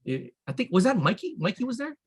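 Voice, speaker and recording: A man's voice: high voice, very animated, fast talker, husky, no echo. A man who is a podcast guest and talks in an easygoing, affirming and humble way in casual chat. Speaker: podcast guest, event promoter.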